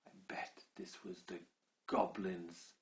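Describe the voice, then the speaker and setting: An adult voicing a brave young pixie girl in a bedtime story, hushed and then firm. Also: low-pitched, little pitch movement, slow, creaky, whispered, pitched below the performer's own voice, exaggerated voice. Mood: determined.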